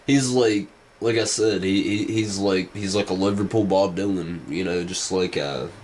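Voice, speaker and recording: A man's voice: lowish voice, a little mellow, a little hiss or hum, poor audio. A man vlogging casual rambling commentary, hesitant and full of restarts. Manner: hesitant, many fillers and restarts.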